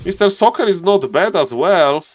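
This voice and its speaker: Male esports caster, somewhat higher voice, loose chatty delivery, calls out viewers by name, faint room hum. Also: expressive, normal speed. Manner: chatty, addresses viewers and players directly. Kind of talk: casual live game commentary.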